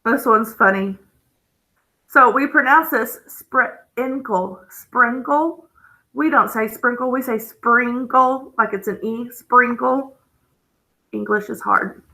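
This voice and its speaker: A woman teaching a phonics lesson, explaining patiently with gentle enthusiasm. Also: on the high side, a little slow, vocal fry, rough recording.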